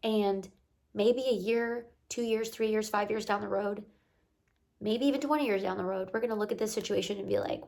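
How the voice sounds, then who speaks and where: A woman's voice: medium pitch, steady tone, normal speed, gravelly, a little mellow. A young woman talking earnestly to camera, giving a heartfelt motivational pep talk with repeated encouraging phrases. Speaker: motivational vlogger.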